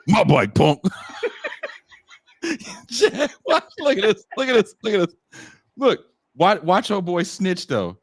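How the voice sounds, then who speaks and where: A man co-hosting a casual podcast chat, reacting to a clip with loud laughs and profane jokes. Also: high voice, measured pace, dry recording. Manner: animated, laughing often, profane, slips into mocking voices. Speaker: podcast co-host.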